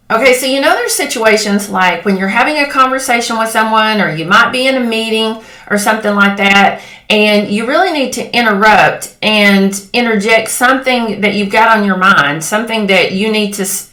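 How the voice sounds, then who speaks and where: A woman's voice: medium pitch, pushed and bright. A woman coaching other women in a motivational talk, direct and coaxing, often checking in with "okay?" and "right?". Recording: echoey room.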